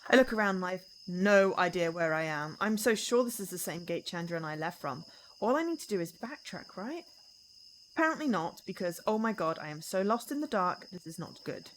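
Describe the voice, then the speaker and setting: A young adult woman streaming a visual novel, reading the story aloud in an expressive, dramatic first-person voice. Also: lowish voice, brisk, slight background noise, low-quality recording.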